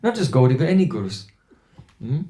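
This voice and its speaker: A spiritual teacher gives a storytelling sermon built on anecdotes, with rhetorical asides and quoted voices. His voice is mid-range and warm, with a sing-song lilt at a moderate pace.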